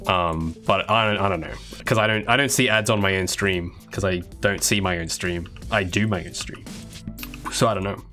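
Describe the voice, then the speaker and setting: Low-voiced guy chatting on stream. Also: normal speed, sharp tone, faint music behind. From Australia. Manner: rambling, with frequent restarts and chatty asides to viewers. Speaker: game developer streaming live. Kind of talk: casual livestream chat while working.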